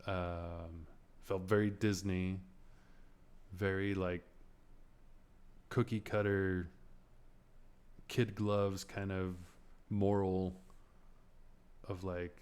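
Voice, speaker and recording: Low-voiced man on a profane rant. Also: little pitch movement, drawn-out words, pauses often, a little mellow, smooth. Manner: rambling, profane, sarcastic, laughs often. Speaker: podcast host. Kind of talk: casual movie rant.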